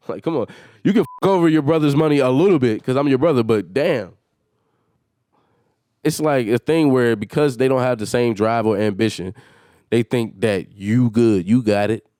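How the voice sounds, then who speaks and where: A man's voice: mid-range voice, normal speed, long pauses, warm tone, no room sound, studio quality. A man hosting a solo podcast, venting in a heated and exasperated way with emphatic swearing. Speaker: podcast host.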